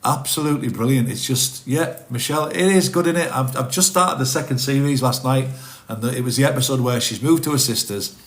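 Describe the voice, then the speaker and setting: A man's voice: mid-range voice, fairly quick. A middle-aged man, chatting casually on a livestream and answering viewers' comments as he rambles. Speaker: livestream host reading chat. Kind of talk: casual live chat.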